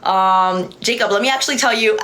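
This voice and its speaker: A woman with a mid-range voice talks a little fast over heavy background noise as she hosts a loose, rambling livestream. Chatty and easily distracted, she tells stories, wanders off track, and laughs often in this casual chat.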